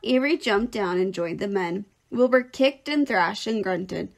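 Reading a children's novel to an audience, a woman teacher uses a clear, expressive storytelling style. Her mid-range voice moves at a measured pace.

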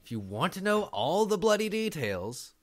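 Animated sarcastic young man commentating. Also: high voice, moderate pace. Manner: sarcastic, swears and panics loudly. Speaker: gameplay commentator. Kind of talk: comedic let's play commentary. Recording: game music in background.

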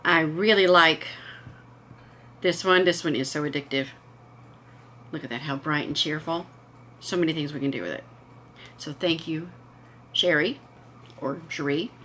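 A woman's voice: low voice, moderate pace, long pauses, sharp tone, a little hiss or hum. A woman hosting a casual home vlog, chatting enthusiastically and gushing over what she shows. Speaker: vlog host.

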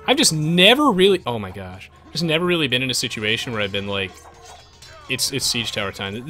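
Casting: male game streamer, playful and chatty, bright forward tone, soft music behind. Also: mid-range voice. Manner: playful, jokey, bursts into silly voices. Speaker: gaming streamer. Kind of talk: live stream game commentary.

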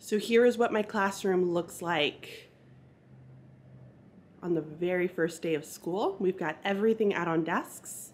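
A woman teacher chatting quickly and brightly in a casual vlog, recorded on a handheld phone camera in her classroom, a little nervous as she talks. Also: fairly low pitch, slight background noise.

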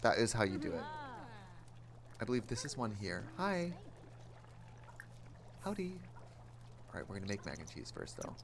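A man hosting a casual gaming livestream, chatty and animated, talking straight to his chat in a campy, playful way. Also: on the low side, normal speed, creaky, pauses often, noisy background. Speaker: livestream host playing a life-sim game.

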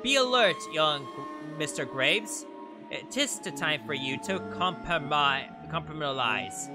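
Grandiose archaic male ghost, a man's put-on voice, high and declaiming, slow. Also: expressive, over music. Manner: archaic, theatrical speech. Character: old-fashioned ghostly male neighbor, formal, grandiose.

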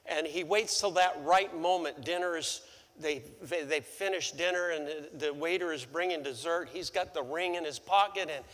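Bright-voiced pastor in an echoey church. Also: male voice, fairly high pitch, moderate pace. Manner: animated storytelling, stammering restarts. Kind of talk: sermon. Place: church sanctuary.

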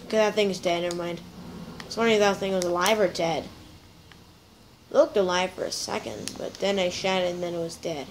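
A woman's voice: fairly low pitch, brisk, a little hiss or hum, poor audio. A woman hosting a gameplay video, chatting playfully to her viewers as she plays. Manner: chatty, playful, talks to viewers while playing. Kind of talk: casual gameplay commentary.

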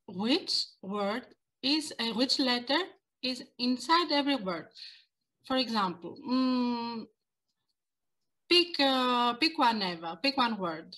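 A woman with Greek as her first language leads an online language class, speaking very slowly and deliberately. Her voice is bright and fairly high. Her pitch moves a lot as she pronounces each word for her students. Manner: slow and careful, pronouncing words for learners to repeat. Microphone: video call.

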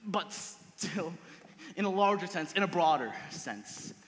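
A teenage actor on a school stage playing a wistful, rueful musical-theatre fan who confides in the audience. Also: male voice, sits high, expressive, a little slow, fairly bright tone, slight background noise, full character voice. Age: teens. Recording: reverberant theatre hall.

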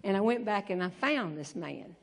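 An older woman, doing animated humorous storytelling as a stand-up comedian on stage. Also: mid-range voice, normal speed, gravelly. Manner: animated, acts out voices in her stories. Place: stage before a live audience.

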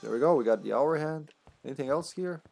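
A man's voice: on the high side, lively intonation, fast, gravelly, a little mellow, faint music behind. A man with a Serbian accent, a native Serbian speaker, chatting casually and laughing often as he livestreams a game. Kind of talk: casual gameplay commentary.

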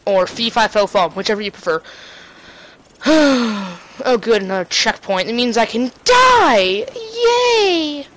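A woman's voice: on the high side, very animated, slow, fairly bright tone, poor audio. Sarcastic woman narrating a shooter game. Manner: sarcastic, jokey, talks to game characters. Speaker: let's play commentator. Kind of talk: casual gameplay commentary.

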